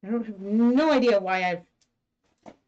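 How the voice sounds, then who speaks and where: A woman's voice: mid-range voice, slow pace, darkish tone, muffled recording. A woman in her thirties hosting a casual knitting live stream from home, talking in a rambling way with many fillers. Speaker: knitting and yarn-dyeing host.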